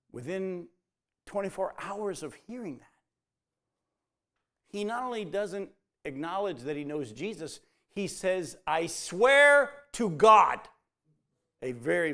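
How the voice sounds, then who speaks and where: A man's voice: a little high, lively intonation, measured pace, creaky, long pauses. A man preaching a sermon, telling the story and acting out the quoted lines as dialogue.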